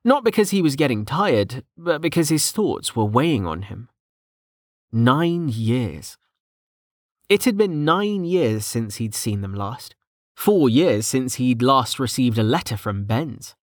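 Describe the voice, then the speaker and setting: A man narrating a story in a steady, even storytelling manner. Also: medium pitch, slow pace, no room sound, clean studio sound. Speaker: audiobook narrator. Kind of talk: scripted narration.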